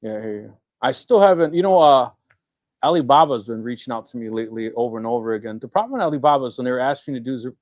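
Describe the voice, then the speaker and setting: This middle-aged co-host of a live maker Q&A speaks very fast, spinning stories and imitating the voices of people he quotes. The mood is a laid-back stream among hobbyists, and his mid-pitched voice is captured close up, dry and echo-free.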